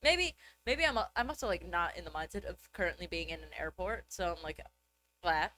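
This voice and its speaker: A woman with a bright, sharp voice chats casually. Her pitch swings widely, and she rambles with constant filler words. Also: expressive, a little fast. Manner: chatty, filler-heavy rambling with lots of "like". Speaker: co-host. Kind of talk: casual chat.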